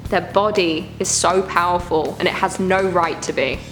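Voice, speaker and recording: A woman's voice: lowish voice, normal speed, fairly bright tone. Squeamish woman reacting over music. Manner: squeamish, groaning and exclaiming in disgust. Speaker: reaction video host. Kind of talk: casual reaction commentary.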